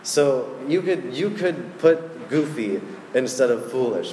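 A man's voice: medium pitch, measured pace, hardly any pauses, a little hiss or hum. A man preaching a casual, conversational sermon, talking straight to his listeners. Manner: conversational, animated, addresses the audience directly. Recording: roomy hall with long reverb, faint ambience.

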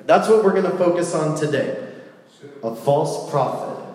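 A man giving a casual, playful sermon, telling a story with lively asides. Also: on the high side, moderate pace. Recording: echoey hall with long reverb.

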